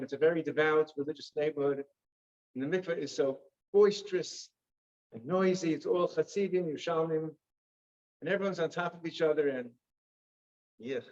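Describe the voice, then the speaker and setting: Vivid, theatrical storytelling with wry asides comes from a guest speaker in a synagogue hall. His voice is a little high and a little mellow, and the recording quality is dull and lo-fi.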